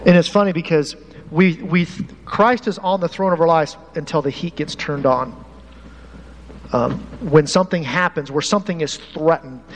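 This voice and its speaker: A man preaching a lively sermon to his congregation as pastor, animated and talking straight to the people in the pews. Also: a little high, normal speed. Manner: animated, uses props, talks to the congregation. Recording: hall reverb, faint room noise.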